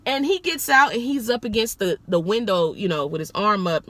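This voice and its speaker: A woman rideshare driver telling a story in a casual vlog, animated and profane, jumping up high when she makes a point. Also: normal speed.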